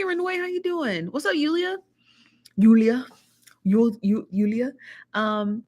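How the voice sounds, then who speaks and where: A woman's voice: on the high side, a bit bright. Chatty woman hosting a livestream. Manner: chatty, greets viewers one by one, lots of laughs. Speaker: livestream host. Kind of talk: casual livestream chat.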